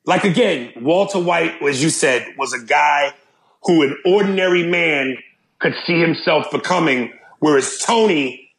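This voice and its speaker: A man chatting casually on a podcast, talking in an animated way and acting out lines in other voices. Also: unhurried, creaky. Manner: animated, jumps between deep and high put-on quotes. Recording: roomy echo.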